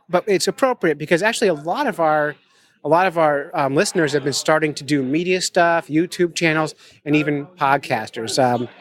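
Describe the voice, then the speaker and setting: A man's voice: fairly high pitch, a bit bright. A man hosting a casual podcast chat at a conference table, joking and teasing himself. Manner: joking, self-deprecating. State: nervous. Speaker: podcast host.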